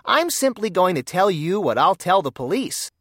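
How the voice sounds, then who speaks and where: A storyteller voicing a confident young boy detective who speaks crisply and surely. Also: mid-range voice, very animated, moderate pace, fairly bright tone, no echo, clean studio sound, voice pushed up. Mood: calm confident.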